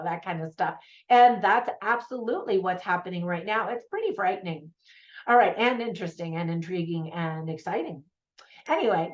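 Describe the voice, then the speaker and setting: Host: woman film reviewer, chatty and upbeat, mid-pitched, slightly muffled recording. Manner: chatty and enthusiastic, laughs often. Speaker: movie reviewer. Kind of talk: casual spoken film review. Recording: slightly dull lo-fi sound.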